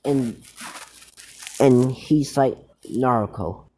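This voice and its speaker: A man's voice: mid-range voice, slow, mellow, a little hiss or hum. A man casually retelling a fan-made story, rambling with many fillers and restarts.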